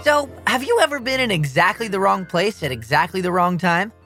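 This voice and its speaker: A man narrating an audiobook in a lively, comic first-person voice. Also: high voice, a little fast, soft background music.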